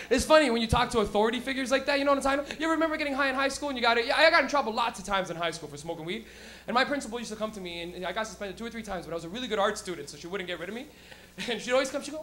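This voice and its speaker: A man doing a stand-up set at a live comedy club. He is loud and profane and laughs at his own stories. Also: very high voice, very fast.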